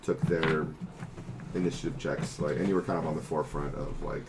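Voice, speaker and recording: A man narrating as game master of a tabletop game, explaining rules and scenes in a halting way full of fillers. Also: a bass voice, fairly even intonation, vocal fry, heavy background noise.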